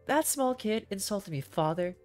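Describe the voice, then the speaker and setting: A woman's voice: medium pitch, lively intonation, moderate pace, faint music behind, lightly acted. A woman doing a sneering, hot-tempered rich boy. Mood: angry. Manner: loud, sneering, bossy.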